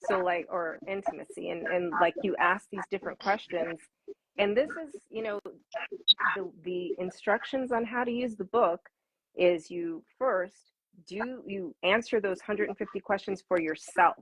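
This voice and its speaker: A woman answering interview questions as an intimacy coach, animated and laughing, often repeating words for emphasis. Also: medium pitch, unhurried, noisy background.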